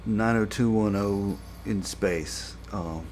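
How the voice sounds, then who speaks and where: Slow, low-voiced man rambling through a review. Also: slight background noise. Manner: rambling, heavy on fillers, gets exasperated and louder when complaining. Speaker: TV episode reviewer. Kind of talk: casual spoken review.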